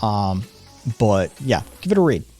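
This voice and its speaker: A man's voice: on the low side, sing-song, a little slow, darkish tone, soft background music. An American man hosting a live stream, chatting casually, rambling with lots of ums and frequent swearing. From United States. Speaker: streamer host. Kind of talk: casual chat.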